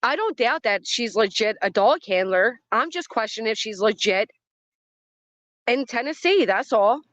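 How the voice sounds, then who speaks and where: A woman's voice: on the high side, expressive, normal speed, a bit bright, no echo. Skeptical woman livestreamer, lo-fi audio. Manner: skeptical, argumentative. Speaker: commentary livestream host. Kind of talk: reacting to a clip and chatting with live chat.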